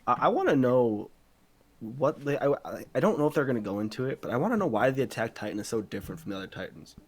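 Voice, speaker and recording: A man chatting casually among friends on a podcast. He speaks at an ordinary mid pitch, rambles as he thinks, swears freely and rushes ahead when something excites him. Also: slightly rough. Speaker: podcast co-host.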